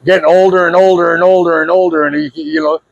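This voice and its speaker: This spiritual video speaker talks fast in a flat, creaky, fairly high voice, captured in lo-fi with no echo. His preachy monologue to camera is blunt and confrontational, full of repetition and "you know."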